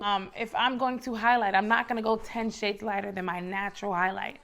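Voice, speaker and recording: A woman's voice: mid-range voice, steady tone, brisk, creaky, a bit bright. A young woman from the Bronx with a New York accent, giving casual lifestyle advice in a chatty, emphatic way. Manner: chatty, emphatic, repeats phrases for rhythm. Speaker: lifestyle vlogger.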